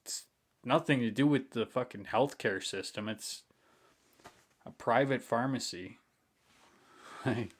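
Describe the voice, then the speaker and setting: A man's voice: mid-range voice, slow pace, long pauses, slightly rough. A young man venting to the camera in a frustrated, swearing rant, muttering some lines under his breath. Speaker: vlogger.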